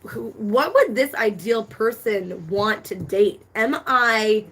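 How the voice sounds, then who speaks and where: A woman's voice: fairly high pitch, animated, slow, a bit bright, slightly rough. A woman co-hosting a van life livestream, chatting casually, laughing often and trailing off mid-thought. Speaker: van life channel co-host.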